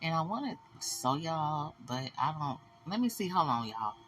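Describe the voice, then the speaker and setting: A woman hosting a celebrity gossip show, blunt, animated and profane. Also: low-pitched, normal speed, loud music behind the voice. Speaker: host.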